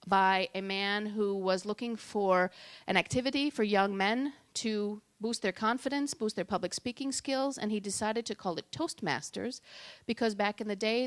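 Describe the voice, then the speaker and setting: A woman giving a talk on public speaking at a tech meetup, lively and shifting between loud and soft for emphasis. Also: medium pitch, no echo. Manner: lively, varies loudness and pace for emphasis.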